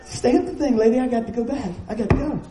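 Preaching quickly, this middle-aged pastor gives a lively, folksy sermon full of anecdotes and side remarks. His voice is high in pitch yet dark and mellow in color. Echo from a spacious church hall surrounds it, over a faint layer of noise.

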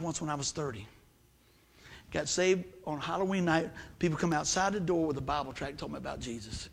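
A man's voice: high-pitched, a bit bright. A man preaching a sermon in a folksy, emphatic way, repeating words for stress.

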